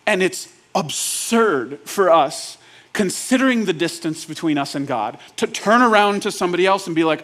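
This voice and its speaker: A male pastor preaching a sermon in a casual, joking, conversational way, often checking in with the congregation with quick questions. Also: sits high, expressive, fairly bright tone. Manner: asks the audience rhetorical check-ins.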